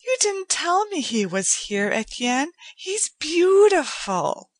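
A woman's voice: high-pitched, very animated, slow pace, no echo, voice pushed up, exaggerated voice. A woman voicing a delighted young woman who coos and gushes in a sing-song way. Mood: concerned. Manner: breathless, sing-song cooing. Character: gushing young woman, delighted, cooing at a cat.

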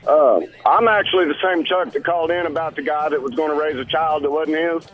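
A man's voice: fairly high pitch, brisk, narrow, tinny audio. A man calling in to a radio show, friendly and a bit hesitant, with plenty of fillers. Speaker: caller. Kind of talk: phone-in chat.

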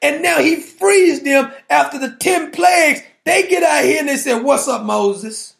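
A man's voice: very high voice, normal speed, vocal fry, a bit bright. A man preaching a sermon in a colloquial, playful way, firing rhetorical questions and laughing with the congregation.

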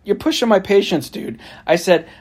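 A man's voice: high-pitched, normal speed, slightly rough. A man telling a story from his travels in a casual, wry way, often laughing and acting out the back-and-forth. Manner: laughs often, animated storytelling with quoted exchanges; sarcastic, wry.

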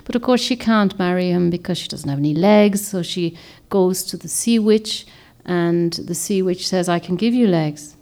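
A woman's voice: lowish voice, normal speed, hardly any pauses, a little mellow. A woman author giving a reflective, rambling talk to a group, often searching for words and restarting her sentences. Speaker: author and speaker.

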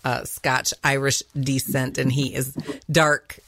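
A woman's voice: very deep voice, little pitch movement, slow, a bit bright, a little hiss or hum. A middle-aged woman hosting an interview podcast, playful and chatty, laughing often. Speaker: podcast host. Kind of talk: casual interview chat.

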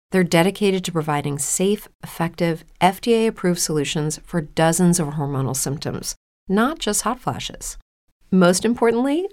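A woman reading a scripted health ad in a calm, reassuring way. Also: on the low side. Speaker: ad reader. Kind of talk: scripted ad read.

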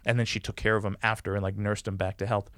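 A man in a casual podcast chat, telling a long personal story. His voice is smooth and resonant, recorded close and dry with no room sound, and his talk is loose, full of "like" and "you know". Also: lowish voice, flat delivery, fast, fairly bright tone, no echo. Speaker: guest.

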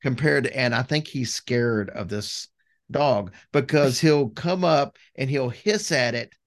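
Laid back podcast guy, gravelly voice, rambles on. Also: mid-range voice, measured pace. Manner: easygoing, rambling. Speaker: podcast co-host. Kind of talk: casual chat.

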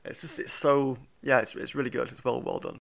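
Male co-host, relaxed and hesitant, gravelly fry in the voice. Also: medium pitch, a little fast. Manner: laid-back, hesitant, swears casually. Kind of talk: casual chat.

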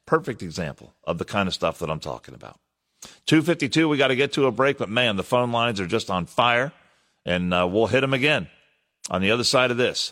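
A man's voice: fairly low pitch, a bit bright, big-room sound. A man hosting a morning call-in radio talk show, casual and folksy as he chats with callers.

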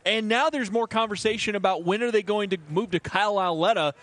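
A man hosting a live sports radio show from a burger bar, upbeat and quick to laugh as he runs plugs and banter. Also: sits high, fairly bright tone, dry recording.

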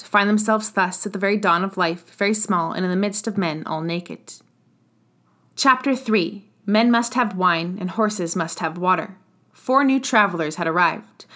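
Lady reading an old novel aloud, steady and measured, normal pitch. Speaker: audiobook narrator. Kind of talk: scripted narration of a classic novel.

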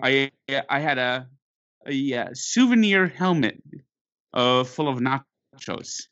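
A man telling a sports story in an exasperated, animated way, stumbling over his words and restarting often. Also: medium pitch, takes it slowly, no echo. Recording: dull lo-fi dry recording.

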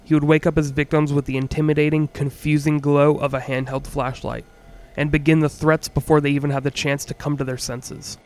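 A man hosting a podcast, reading a scripted true-crime story in a measured, earnest way with the odd wry aside. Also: a little high, little pitch movement. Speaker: podcast host.

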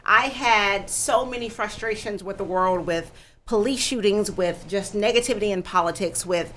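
A woman guest on a talk show, telling her story in an animated, expressive way and laughing easily. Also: mid-range voice, normal speed, slight background noise. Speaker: guest, founder of a kindness campaign.

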